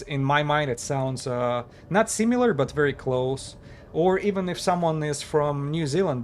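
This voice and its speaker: Male game streamer, casual halting chat, mid-pitched voice, faint hum in background. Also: vocal fry. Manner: halting, with many fillers and restarts, chuckling. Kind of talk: casual live-stream commentary.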